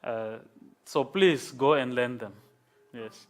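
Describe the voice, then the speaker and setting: A man lecturing a class, explaining slowly and patiently and checking in with "okay?". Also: medium pitch.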